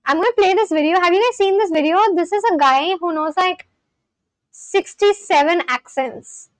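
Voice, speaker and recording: In this casual livestream clip she again reads viewer comments out loud and answers them in a rambling way. Her pitch is extremely high and she speaks at normal speed, in a low-quality recording with no room sound.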